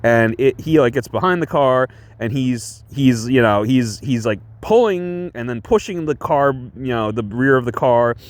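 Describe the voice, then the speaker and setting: A man's voice: mid-range voice, lively intonation, measured pace, few pauses, dry recording. A man casually talking through a movie he reviews, rambling with lots of fillers and restarts and chuckling often. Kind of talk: casual film review chat.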